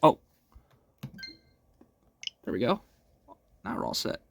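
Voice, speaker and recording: A young man hosting a casual game walkthrough, talking each step through in an upbeat, chatty way at home. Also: takes it slowly. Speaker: gaming channel host.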